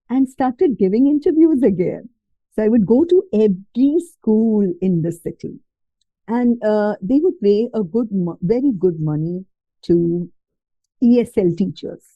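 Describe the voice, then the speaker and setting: A woman with an Indian accent tells her story expressively in a casual podcast conversation, sprinkling Hindi words into her English. Her voice sits at an ordinary middle pitch. The audio is a little dull and muffled, with a dry sound and no room echo. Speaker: podcast guest.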